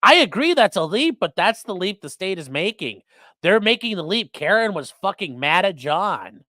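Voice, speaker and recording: In clean studio sound with no room tone, a host speaks at a moderate pace in a medium-pitched voice. Casually chatting from home, they address both chat and dog, reading comments aloud, cursing freely, rambling with energy, and soothing the dog between remarks.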